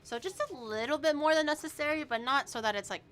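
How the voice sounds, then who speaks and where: Young woman streamer, bright higher voice, chatty, talks through recipes while cooking. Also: quick pace. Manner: chatty, explains steps, swears casually. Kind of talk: casual cooking stream chat.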